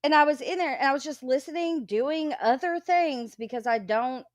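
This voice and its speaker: A woman's voice: sits high, normal speed, no room sound, clean studio sound. A woman co-hosting a livestream, ranting in casual chat with lots of swearing and mocking quotes. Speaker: livestream co-host.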